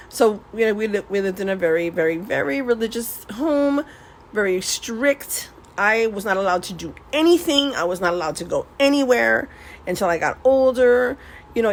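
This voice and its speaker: A woman's voice: mid-range voice, a little hiss or hum. Chatty woman telling stories, rambling. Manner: rambling, laughs often, swears, mixes in Spanish words. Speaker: vlogger. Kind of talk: casual storytelling while swatching paints.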